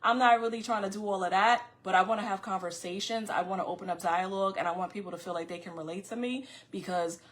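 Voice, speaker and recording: A middle-aged woman from Queens, hosting a casual livestream podcast and talking fast and loud to her viewers with frequent restarts. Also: mid-range voice. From Far Rockaway, Queens, New York. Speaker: podcast host.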